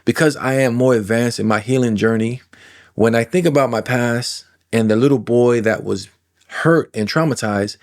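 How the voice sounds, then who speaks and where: A man in his forties, a coach for trauma clients, talking casually to camera in a self-help monologue, animated, drawing out words for emphasis and acting out inner voices. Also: medium pitch. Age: 40s. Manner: animated, acts out inner voices and imagined replies, drawn-out emphasis.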